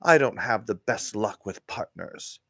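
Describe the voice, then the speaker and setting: Guy doing a grumpy tired detective, low grumbly voice. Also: animated, unhurried, creaky, bright, forceful tone, dry recording, studio quality, heavily acted. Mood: gruff. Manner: grumbling, lower voice. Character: gruff, world-weary mustached male detective.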